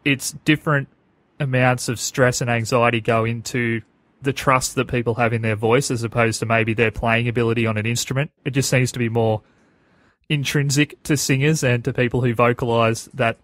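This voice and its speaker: A man hosting a podcast interview, asking earnest, measured questions, his voice a little under the weather. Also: medium pitch, fairly bright tone, no room sound. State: slightly unhealthy voice. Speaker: podcast host.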